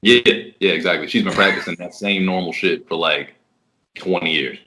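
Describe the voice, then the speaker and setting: A man's voice: deep voice, normal speed, pushed and bright. A man co-hosting a podcast in casual comedic chat, laid-back and laughing often. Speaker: podcast co-host.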